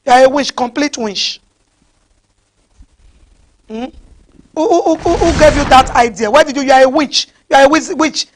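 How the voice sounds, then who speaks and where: A woman with a Nigerian accent preaching a fiery sermon, scolding her listeners with repeated rhetorical questions. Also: sits high.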